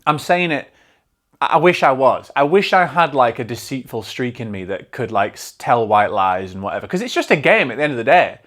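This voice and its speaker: A man hosting a solo film podcast, talking in an energetic, rambling way and swearing freely. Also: medium pitch, fairly quick. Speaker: podcast host.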